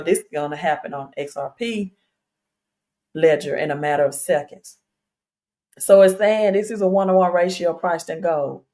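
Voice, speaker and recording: Speaking into a streaming mic, this crypto livestream host has a deep, mellow voice. She chats casually and insistently with her viewers, leaning on fillers and asking the same questions again and again.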